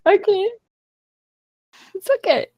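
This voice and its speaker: Slow, measured woman at the game table. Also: very high voice, warm tone, no room sound. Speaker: player.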